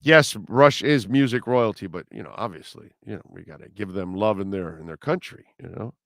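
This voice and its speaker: A man's voice: on the low side, animated, fairly quick, gravelly, a bit bright, no room sound, studio quality. A middle-aged man hosting a live sports radio show in casual talk, rambling as he reads out and answers listener comments.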